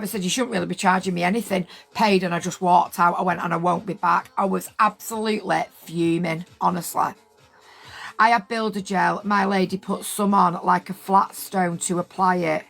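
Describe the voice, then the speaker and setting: A woman's voice: fairly high pitch, bright, forceful tone. A woman, chatting casually on a livestream and telling a story indignantly, repeating her points for emphasis. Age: 50s. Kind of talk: casual livestream chat with viewers.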